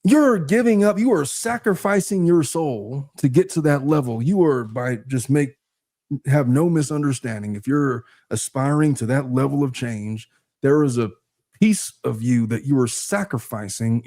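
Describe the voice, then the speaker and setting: Blunt, wry man with a mellow voice. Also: medium pitch, normal speed, no echo, clean studio sound. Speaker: lawyer guest. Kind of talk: casual chat.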